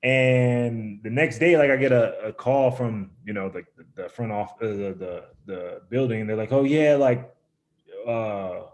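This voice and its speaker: A man's voice: on the low side, moderate pace, hardly any pauses. A young adult man, a pro baseball player, casually telling a long story, rambling with lots of fillers and acting out what people said. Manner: relaxed, rambling, full of fillers, acts out quotes. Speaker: professional baseball pitcher, guest.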